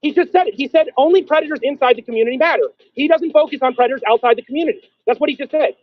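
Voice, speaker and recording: High-pitched sarcastic man on a tinny line. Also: dry recording. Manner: accusing, sarcastic, rapid-fire questioning. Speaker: stream host. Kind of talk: heated confrontational call-in argument.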